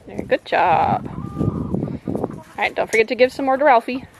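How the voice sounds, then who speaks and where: A woman's voice: on the high side, animated, normal speed. A woman vlogging on her farm, patiently giving her small son short repeated instructions as she shows him how to feed the chickens. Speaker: homestead vlogger and mother. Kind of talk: casual instructions to her child. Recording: outdoor camera audio with clear farm noise. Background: chickens clucking.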